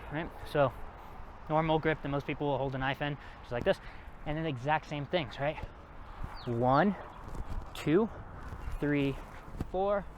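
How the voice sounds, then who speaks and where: A man's voice: on the high side, slight background noise. A man teaching a martial arts class, counting reps aloud and explaining moves in a casual coaching way. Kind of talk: workout class instruction.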